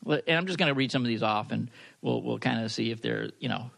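A man co-hosts a podcast, chatting casually, reading listener posts aloud and making jokes at his own expense. His mid-range voice is fairly bright and comes out fast, with some vocal fry.

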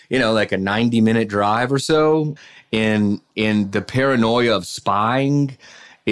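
A man, a sports reporter, telling college football anecdotes in a casual, animated way, with frequent restarts. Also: lowish voice. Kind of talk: casual storytelling on a podcast.

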